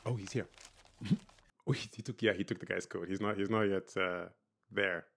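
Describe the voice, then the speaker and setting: A man's voice: low-pitched, steady tone, moderate pace, vocal fry, a bit bright. A man hosting a reaction video, commenting casually on a TV episode and thinking aloud in a rambling way.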